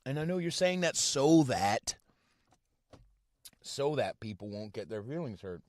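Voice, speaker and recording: A man hosting a podcast from inside his car, ranting casually and profanely in a halting, rambling way full of fillers. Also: medium pitch, big pitch swings, darkish tone, no room sound. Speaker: podcast host. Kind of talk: casual rant.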